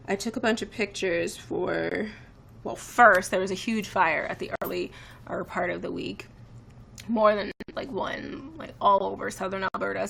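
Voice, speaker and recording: A woman's voice: fairly low pitch, gravelly, a bit bright, slight background noise. A woman in her twenties chatting casually on a live stream, rambling and reacting to viewer comments. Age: 20s. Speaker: livestreamer.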